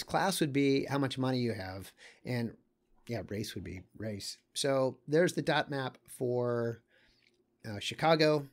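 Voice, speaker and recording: A man walks through a set of maps in a loose, unscripted lecture. He thinks out loud, stops and restarts, and fills his pauses with small asides. His pitch sits in the middle range. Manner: thinks aloud, halting, with many fillers and small asides. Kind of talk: casual lecture commenting on maps.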